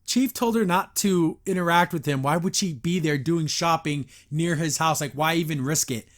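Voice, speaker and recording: A man hosting a podcast, reviewing a cartoon episode in an animated, chatty way, often laughing and restarting. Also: fairly high pitch, normal speed. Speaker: podcast host.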